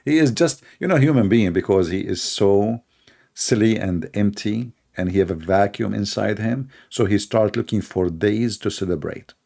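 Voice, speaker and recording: A middle-aged man speaks English, hosting a sarcastic commentary show. His somewhat low voice has a gravelly edge, and he mocks his subject while laughing at his own jokes. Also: normal speed, dark tone. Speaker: show host. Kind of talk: mocking commentary.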